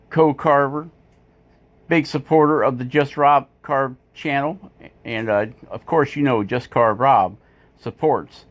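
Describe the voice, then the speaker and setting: A man hosting his woodcarving channel, talking casually in a rambling, self-mocking voiceover with many fillers. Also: medium pitch. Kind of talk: casual voiceover while carving. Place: home woodworking shop.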